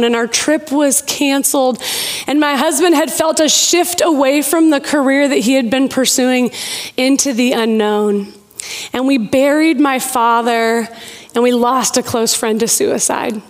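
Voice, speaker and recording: A woman in her thirties preaching a sermon, telling personal stories with playful asides. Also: high-pitched.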